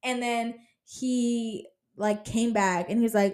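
A woman's voice: medium pitch, fairly even intonation, a little slow, darkish tone. A woman in her twenties hosting a podcast, telling stories in a casual, blunt monologue full of slang, swearing and "like". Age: 20s. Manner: swears a lot, heavy slang and filler "like"; blunt, rant-like and joking. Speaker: podcast host.

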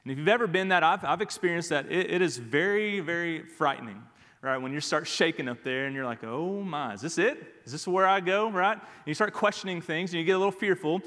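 In a church sanctuary with a long hall echo, a man with a fairly high voice preaches briskly, like a pastor in the thick of his sermon. He is emphatic, repeating his key phrases and dropping in "all right" again and again.

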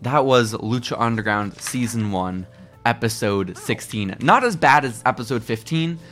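A man with an ordinary mid-pitched voice, chatting casually on a podcast. He recaps with excited, animated storytelling and an easy, joking energy. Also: moderate pace, faint music behind. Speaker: podcast co-host. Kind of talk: casual chat.

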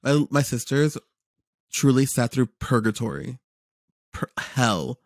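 Young man, casual storytelling, lots of fillers, middle pitch, dry close sound. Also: slow pace, no echo. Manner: animated storytelling, many fillers and repeated words. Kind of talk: casual chat.

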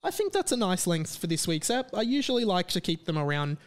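A man's voice: high voice, sing-song, brisk. Man, a chatty podcast host. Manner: chatty, rambling plugs with fillers. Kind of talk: casual podcast chat.

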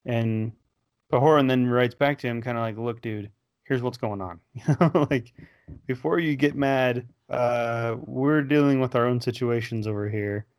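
A man in casual discussion of scripture, talking in a relaxed, conversational way and sometimes reading quotes aloud. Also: medium pitch, normal speed, smooth.

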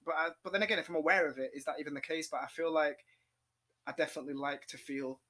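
Young man, podcast guest, fast, bright and emotional, swears casually. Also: fairly high pitch. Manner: emotional, swearing, quick and animated.

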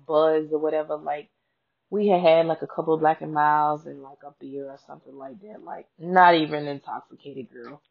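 A woman with a low, deep-set voice tells a personal story on her show. She is chatty and frank, swears freely and speaks straight to her listeners. The sound is dull and lo-fi. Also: gravelly. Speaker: podcast host.

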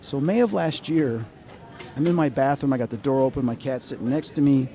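A man, a paranormal researcher, telling a story in an excitable, dramatic way as a guest at an expo. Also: mid-range voice, a little fast. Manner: excitable, dramatic, quotes people in voices. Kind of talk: animated storytelling interview. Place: outdoors at an expo.

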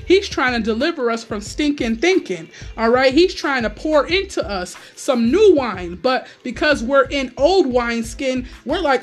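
High-voiced woman preaching a sermon. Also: expressive, a little slow, hardly any pauses. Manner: conversational preaching with repeated asides and restarts.

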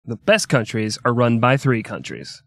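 A man's voice: medium pitch, big pitch swings, normal speed, no room sound, clean studio sound. A man hosting a podcast, narrating history in an irreverent comedic way with crude joking asides. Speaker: podcast host.

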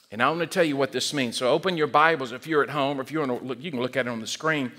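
A man preaching a sermon as pastor, animated, often repeating words and acting out quoted voices. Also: medium pitch, fast talker.

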